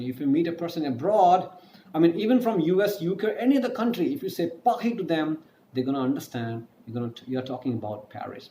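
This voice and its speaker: A male teacher giving a recorded online French lesson, explaining slowly, spelling words out letter by letter and answering his own questions. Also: mid-range voice, warm tone. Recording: echoey room with faint noise.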